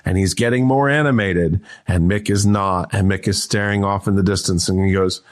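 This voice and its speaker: A man in his fifties, a guest on an interview, telling anecdotes in a lively, restart-heavy way. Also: fairly low pitch, moderate pace, few pauses. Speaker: guest, entrepreneur and author. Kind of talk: casual interview storytelling.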